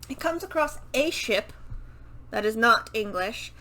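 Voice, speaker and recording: In a low-quality recording, a book vlogger talks casually to camera about a book series, turning to face her microphone. Her voice is on the high side and a bit bright, very animated at a moderate pace, as she rambles with self-correcting asides and casual swearing.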